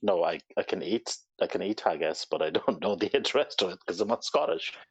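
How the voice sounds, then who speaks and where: Very deep-voiced man, dry call audio. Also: fairly quick, husky, no echo, rough recording. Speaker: call participant. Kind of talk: casual chat on a voice call.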